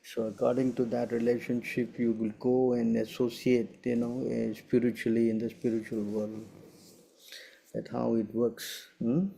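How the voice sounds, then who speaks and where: A man's voice: medium pitch, little pitch movement, moderate pace, vocal fry, mellow. A man acting as spiritual teacher in a Q&A session, speaking emphatically and keeping checking his listeners follow with short tag questions.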